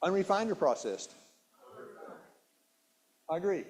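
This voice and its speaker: A man's voice: high voice, big pitch swings, unhurried, a little mellow. A man presenting a nutrition talk at a church hall, quizzing his audience with questions, repeating key words and often restarting sentences. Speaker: health seminar presenter.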